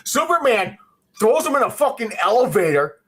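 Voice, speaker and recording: Husky man on a profane movie rant. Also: very high-pitched, normal speed. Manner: profane, heated, animated. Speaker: podcast host. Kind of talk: ranting movie review.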